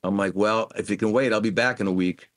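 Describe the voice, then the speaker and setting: A man's voice: lowish voice, fast talker, no room sound, studio quality. A middle-aged man, a guest musician, telling career anecdotes in an interview and acting out what others said. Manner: animated anecdotes, acts out quoted voices. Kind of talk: storytelling interview.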